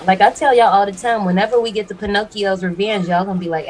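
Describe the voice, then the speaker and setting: A woman's voice: mid-range voice, fairly even intonation, fast talker, slight background noise, low-quality recording. A young woman co-hosting a podcast, chatting casually, laughing often and saying y'all. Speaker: podcast co-host. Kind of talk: casual chat.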